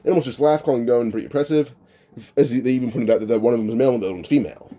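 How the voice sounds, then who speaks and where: A man's voice: mid-range voice, rapid-fire, mellow. A man casually retelling an imagined anime storyline off the cuff, rambling with frequent restarts and filler words.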